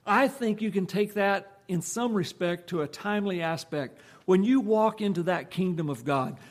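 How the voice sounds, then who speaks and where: A male preacher delivers a sermon in a folksy, conversational way. He talks to the congregation as if chatting with them. His voice sits a little higher than most men's. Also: normal speed.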